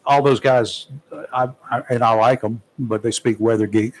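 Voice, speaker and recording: A male talk radio host chatting on air from a studio. His talk is folksy and loose, full of small jokes, and he often pauses on "uh" as he goes. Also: mid-range voice, fairly even intonation, rough recording. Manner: folksy and joking, with many fillers. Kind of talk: casual talk radio commentary.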